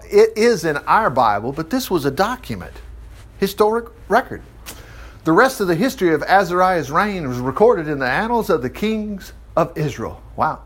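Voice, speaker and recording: Folksy, animated male Bible teacher. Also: fairly high pitch. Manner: folksy, chuckling asides while reading scripture. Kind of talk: informal Bible study teaching.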